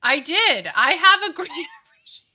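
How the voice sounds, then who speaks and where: A woman's voice: extremely high pitch, sing-song, moderate pace, bright, forceful tone. A woman in her thirties chatting casually and animatedly with her live chat, giggling and gushing as she talks. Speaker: streamer.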